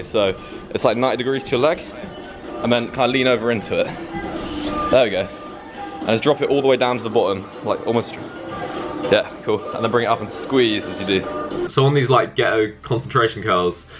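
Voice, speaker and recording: A young man casually explaining his arm workout in a gym, coaching and swearing freely. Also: medium pitch. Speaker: fitness vlogger.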